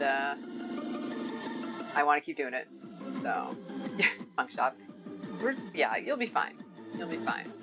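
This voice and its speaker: A young woman hosting a casual cooking live stream, chatting with viewers, laughing often and swearing freely. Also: sits low. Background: music playing.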